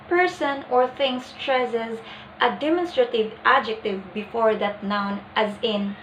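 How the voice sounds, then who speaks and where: A young woman presenting a lesson plan in a deliberate, explanatory way. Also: on the high side, fairly bright tone, echoey room, a little hiss or hum, rough recording. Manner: deliberate, acts out example lines.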